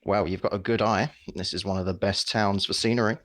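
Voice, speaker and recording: Man voicing a polite recruiter, very low voice, formal, courteous, dry sound. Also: steady tone, brisk, a bit bright, no echo, natural voice. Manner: courteous, formal, calls her miss. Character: polite male recruiter, genteel and curious.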